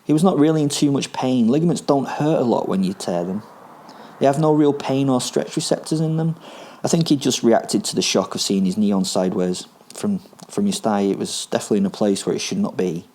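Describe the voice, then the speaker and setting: A man's voice: mid-range voice, a little fast, dark tone, slight background noise. A man reading his own first-person story, gleefully menacing and darkly amused.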